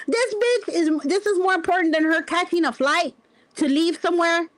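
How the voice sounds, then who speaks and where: A high-pitched woman hosts a livestream and runs through heated gossip, swearing and stressing her words as she tells the story. Her voice is close and dry, with no room sound around it. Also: a little fast, no echo. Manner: profane, emphatic, animated storytelling. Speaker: livestream host.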